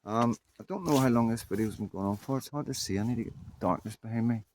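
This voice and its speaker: A man's voice: mid-range voice, quick pace, darkish tone, slight background noise. A man in his fifties with a Northern Irish accent, talking candidly and bluntly to camera while out on a muddy walk, rambling from one story to the next. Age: 50s. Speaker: vlogger. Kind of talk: casual monologue to camera.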